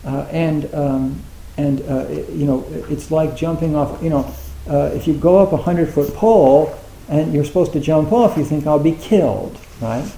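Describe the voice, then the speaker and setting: A man's voice: a little high, normal speed, mellow, a little hiss or hum. A man giving an informal Zen talk to retreat students, rambling with many fillers and restarts. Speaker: Zen teacher. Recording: echoey room.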